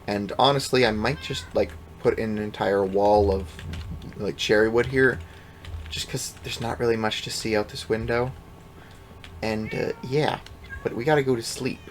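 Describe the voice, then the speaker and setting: A man's voice: fairly low pitch, steady tone, moderate pace. A man giving casual, rambling commentary over his gameplay, offhand and self-deprecating, with the odd swear. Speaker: let's play gamer.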